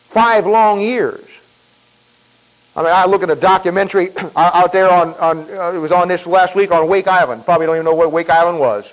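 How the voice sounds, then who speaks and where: A man preaching a sermon in a folksy, emphatic way, repeating himself and clearing his throat often. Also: sits high, poor audio.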